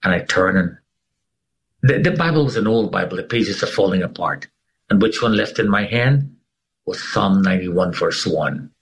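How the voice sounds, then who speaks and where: A middle-aged man with a husky, rather low voice recounts his own story as an interview guest. He tells it dramatically, with his pitch leaping and falling, and this is an emotional personal testimony rather than a scripted talk. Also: lively intonation, moderate pace, low-quality recording.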